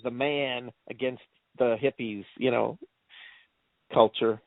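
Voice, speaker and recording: A man co-hosting a movie review chat, laughing often as he retells scenes with excitement. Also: mid-range voice, slow, vocal fry, dry recording. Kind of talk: casual chat. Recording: tinny phone-like dry sound.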